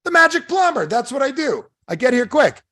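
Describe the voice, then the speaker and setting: A man's voice: very high-pitched, very animated, a little fast, bright, forceful tone, no room sound, studio quality, pitched above the performer's own voice, full character voice. A man acting out a cocky, upbeat magic plumber who promises he can fix anything in a confident, breezy patter. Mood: boastful.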